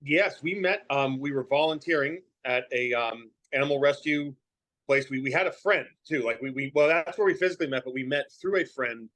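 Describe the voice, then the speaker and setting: A man's voice: medium pitch, fairly quick, a bit bright. A man with a light New England accent, chatting as a podcast guest, rambling with lots of fillers and restarts. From Massachusetts. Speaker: podcast guest, professional wrestler. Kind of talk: casual chat.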